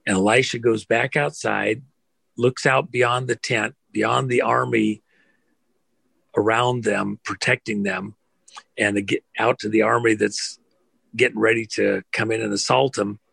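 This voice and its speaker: A man's voice: on the low side, fairly even intonation, measured pace, creaky, a bit bright, slightly rough, no echo. A man delivering an impassioned, emphatic monologue, stacking phrases in rousing lists.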